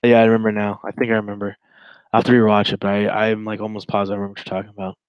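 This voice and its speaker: A man's voice: fairly low pitch, completely flat delivery, very fast, clean tone, no room sound, lo-fi sound. A man in his twenties giving casual, rambling reaction commentary while reading a chat log, with sarcastic asides.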